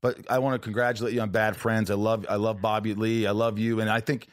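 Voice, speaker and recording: A man hosting a casual podcast, upbeat and quick to laugh. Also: on the low side, flat delivery, no room sound, clean studio sound. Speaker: podcast host.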